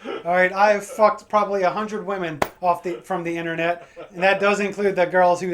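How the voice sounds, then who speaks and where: A man doing a stand-up comedy set, crude and energetic, breaking into acted-out voices for his punchlines. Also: high voice, brisk, noisy background. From Pacific Northwest of the USA. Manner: crude, energetic joke delivery with acted-out quotes.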